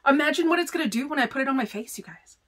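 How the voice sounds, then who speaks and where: A woman vlogger chatting casually through a beauty box unboxing, gushing and excitable, full of "like" and "oh my gosh.". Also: high voice, rapid-fire. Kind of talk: casual unboxing chat to camera.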